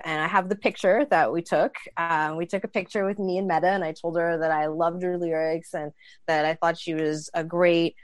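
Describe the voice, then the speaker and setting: A woman in her thirties telling a casual, animated story, acting out the lines of others. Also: on the low side, dry recording. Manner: animated, acts out dialogue. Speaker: storyteller guest.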